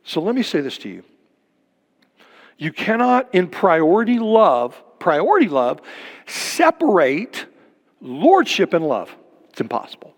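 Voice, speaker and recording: An older male pastor preaching with a fairly high voice, asking question after question and then sinking to a near-whisper for emphasis. His sermon rings out with a long reverb, as if recorded in a church sanctuary. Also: huge pitch swings, unhurried, long pauses. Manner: emphatic preaching with rhetorical questions and sudden drops to a hush.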